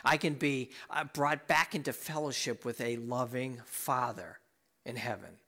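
Impassioned preaching man with bright voice. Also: steady tone, measured pace. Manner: impassioned, swings from loud and high to low and quiet; repeats words and restarts when emphatic. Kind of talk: sermon.

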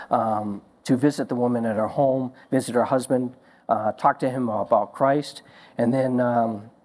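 Man preaching a slow, emphatic sermon. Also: medium pitch, darkish tone. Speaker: pastor.

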